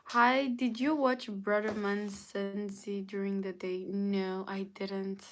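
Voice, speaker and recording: Slow-talking woman streamer chatting. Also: medium pitch, little pitch movement. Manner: drawn-out, greets and reads out chat names. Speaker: live streamer. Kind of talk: casual live-stream chat with viewers.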